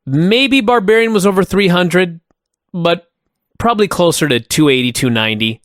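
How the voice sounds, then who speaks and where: A man's voice: sits high, animated, moderate pace, a bit bright, dry recording. A middle-aged man co-hosting a casual podcast, his mid-range voice jumping around with emphatic enthusiasm. He is recorded close and dry, with no room sound at all. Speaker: podcast co-host. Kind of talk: casual wrestling review chat.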